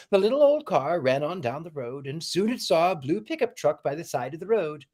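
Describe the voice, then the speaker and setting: A man's voice: sits high, lively intonation, normal speed, few pauses, darkish tone. Theatrical man hosting a livestream. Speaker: livestream host. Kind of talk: livestream chat and storybook reading.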